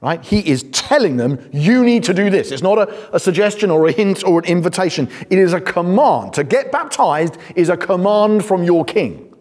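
A man's voice: high-pitched, animated, moderate pace, darkish tone. A British man preaching a sermon in a church hall, conversational and emphatic, with dry humour. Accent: British English. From Britain. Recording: long hall reverb.

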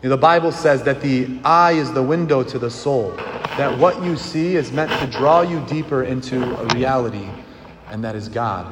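A man's voice: mid-range voice, normal speed. A man giving an earnest sermon as a priest, asking the congregation questions and leading them in a response. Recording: long hall reverb with clear background noise.

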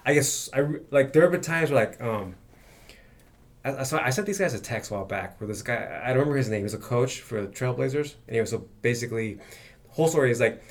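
A man's voice: mid-range voice, expressive, quick pace. A man hosting a podcast, rambling and swearing as he tells a story in casual chat. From Los Angeles. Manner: rambling, profane, restarts often. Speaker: podcast host.

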